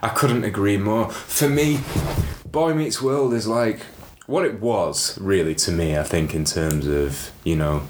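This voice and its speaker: A man's voice: lowish voice, unhurried, echoey room, a little hiss or hum. A man co-hosting a podcast, speaking with earnest, mock-solemn praise. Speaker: podcast co-host. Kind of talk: casual chat.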